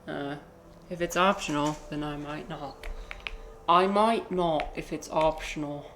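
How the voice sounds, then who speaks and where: A woman's voice: deep voice, a little slow, fairly bright tone, roomy sound, a little hiss or hum. A woman live-streaming a video game, chatting in a rambling, playful, self-mocking way. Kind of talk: casual live gaming commentary.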